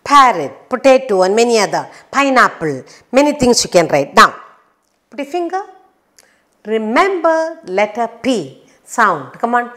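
Slow, sing-song woman teaching phonics. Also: a little high, big pitch swings, fairly bright tone. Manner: slow, clearly enunciated, sing-song with playful sound effects. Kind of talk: children's phonics lesson.

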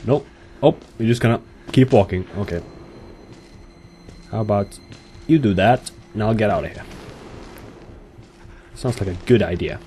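A man's voice: on the low side, a little slow, long pauses, warm tone, slight background noise. A young man giving nervous commentary on a horror game, swearing and talking to himself and to the characters. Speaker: gamer. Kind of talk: horror let's play commentary.

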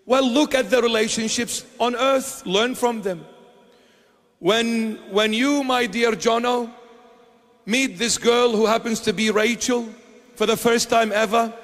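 A man's voice: very high voice, a little slow, a bit bright, in a large hall. A man preaching a sermon as a bishop, emphatic, firing off repeated rhetorical questions.

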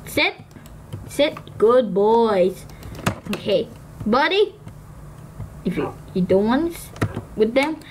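A woman hosting a gaming video, giving excitable commentary with frequent shrieks and exclamations. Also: mid-range voice, low-quality recording. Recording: loud background noise.

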